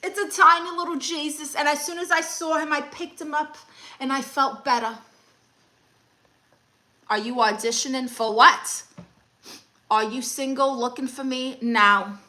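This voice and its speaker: A woman's voice: sits high, a little slow, pauses often, pushed and bright. A young woman comedian hosting a live stream, reading comments and handing out blunt, sassy advice.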